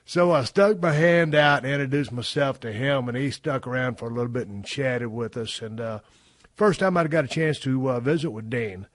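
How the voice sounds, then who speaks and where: A middle-aged man hosting a podcast, telling stories in a profane, folksy way that swings from low mumbles to loud bursts. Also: normal speed, no echo, studio quality. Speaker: podcast host. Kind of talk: casual storytelling monologue.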